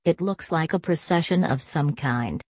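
A fussy, hearty middle-aged father, as a woman narrator puts him on, fond of his food and easily flustered. The voice sits low and close to the mic, dry and plain. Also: normal speed, darkish tone, husky, no room sound. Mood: puzzled. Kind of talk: audiobook reading.

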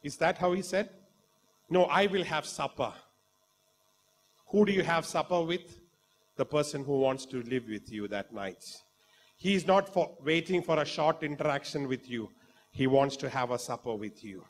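A man with an Indian English accent preaching a sermon, fervent and dramatic, swinging from quiet talk to loud exclamations. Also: on the high side, a little slow. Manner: acts out quoted voices in the story.

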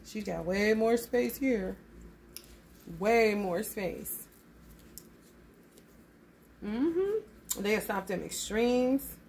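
A woman gives a loose, casual tarot reading in a gravelly, creaky voice. She talks bluntly and swears often, calling her listeners honey. A faint hiss of noise sits under her voice. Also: medium pitch, expressive, extremely slow, pauses often, darkish tone. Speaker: tarot reader.

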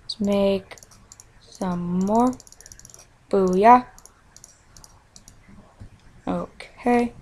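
A woman narrates her own gameplay in a loose, playful, silly way. She talks at an unhurried, slow pace and chants little nonsense words to herself. Her voice sits at an ordinary middle pitch. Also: dark tone. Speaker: let's play host. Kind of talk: casual gameplay commentary.

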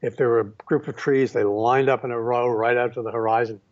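A male photographer being interviewed, telling stories in an unhurried way with many fillers and restarts. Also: mid-range voice, fairly even intonation, dull audio. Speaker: photographer guest. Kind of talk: reflective storytelling.

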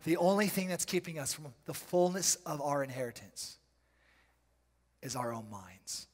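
A man preaching a charismatic sermon in a church, breaking into loud bursts and dropping into quiet, slangy asides. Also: fairly high pitch, animated. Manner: preaching with sudden loud bursts and dramatic pauses. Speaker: pastor. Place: church sanctuary. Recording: reverberant church hall.

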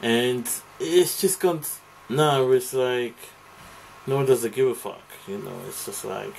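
A man's voice: mid-range voice, a little slow, gravelly, low-quality recording. A man with a mid-range voice rambles through an aggrieved, profane rant to camera. The room behind him has a faint ambient hum. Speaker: vlogger. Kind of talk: ranting monologue to camera.

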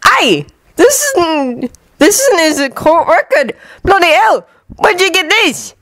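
A woman's voice: extremely high pitch, sing-song, slow, a bit bright, no room sound, pitched above the performer's own voice, exaggerated voice. A woman doing a scruffy wizard pub regular. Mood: surprised.

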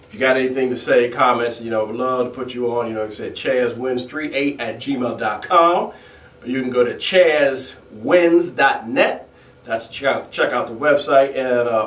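A man's voice: medium pitch, fairly bright tone. Griping comedic weatherman outdoors, far off. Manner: rambling, griping, laughs often. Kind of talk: improvised comedic monologue. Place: outdoors at sunset. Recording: distant outdoor mic with echo.

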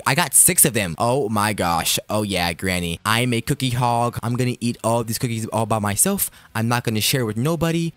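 A young man commentating his own gameplay in a jokey, excitable, slangy way, with sudden high yelps. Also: no room sound. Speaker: gaming YouTuber. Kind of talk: game commentary.

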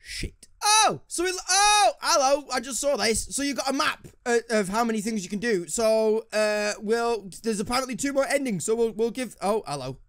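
A man's voice: very high voice, moderate pace, hardly any pauses, no room sound. A man with a British accent doing sarcastic let's play commentary, swearing and muttering to himself. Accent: British English. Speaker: gaming YouTuber. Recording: game music behind.

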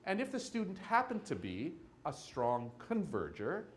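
A man giving a keynote lecture, telling stories and acting out quick scenes between people. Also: fairly high pitch, slight background noise. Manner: animated, acts out little scenes with quoted voices. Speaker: keynote speaker. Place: lecture hall with audience.

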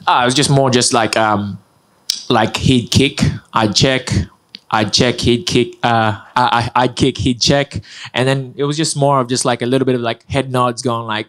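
Male fighter, post-fight presser, mid-pitched, easygoing, rambly answers. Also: fairly even intonation, moderate pace, a bit bright. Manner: upbeat, loose, filler-heavy with frequent restarts. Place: press conference room.

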